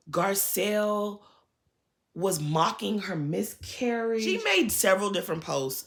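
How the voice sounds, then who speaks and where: A woman's voice: mid-range voice, a bit bright. A woman giving a sassy, opinionated recap of a reality show, talking straight to the people in it and calling them "girl". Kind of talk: casual commentary recap.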